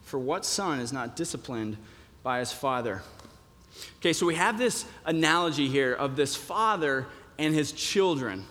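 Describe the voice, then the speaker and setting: A man's voice: a little high, lively intonation, moderate pace, a bit bright. Man preaching with hall reverb. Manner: conversational, with many fillers and restarts. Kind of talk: sermon.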